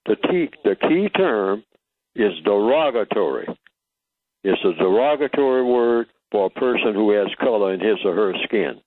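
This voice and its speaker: A man's voice: fairly low pitch, animated, moderate pace, dry recording. An older man speaking as a guest on a radio talk show, teaching emphatically and asking rhetorical questions. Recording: tinny phone line, dry.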